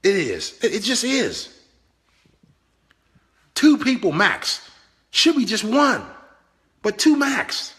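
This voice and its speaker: A man gives a motivational business talk with a bright, forceful voice. His speech is animated and pleading, and he repeats his points over and over for emphasis. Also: high-pitched, takes it slowly, long pauses. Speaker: business trainer.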